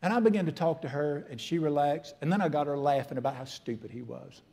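A man's voice: fairly high pitch, fast, mellow. A man, preaching a sermon in an emphatic, folksy, storytelling way with humor. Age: 60s. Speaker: pastor.

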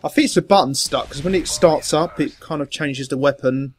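A man in online game voice chat, calmly and sarcastically winding up an angry player with fake apologies. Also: a little high, a little fast, a little hiss or hum. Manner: calm, sarcastic, mock-apologetic. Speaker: prankster gamer.

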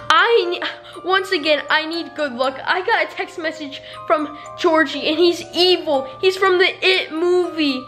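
A woman's voice: high-pitched, pushed and bright. A woman hosting a staged scary vlog, talking to her viewers in a panicky, breathless way and calling out to them again and again. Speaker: reaction channel host.

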